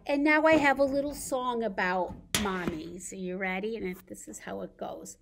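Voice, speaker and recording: A woman leading a baby storytime as a children's librarian, with a gentle, sing-song, coaxing way of talking to little ones. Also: mid-range voice, normal speed, creaky, heavy background noise. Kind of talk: baby storytime with songs and rhymes.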